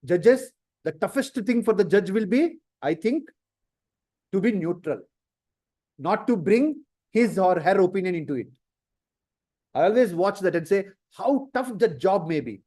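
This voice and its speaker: A man teaching data science to a class, asking lively rhetorical questions. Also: high-pitched. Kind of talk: classroom lecture.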